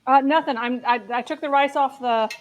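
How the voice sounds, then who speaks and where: A woman competing as a cook on a live stream, lively and teasing, explaining her dish step by step. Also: high-pitched, a little fast, slight background noise, rough recording. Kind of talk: casual chat.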